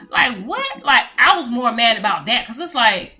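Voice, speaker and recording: Animated woman telling a storytime vlog. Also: on the high side, normal speed, few pauses. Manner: animated, talks straight to viewers, calls them y'all. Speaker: vlogger.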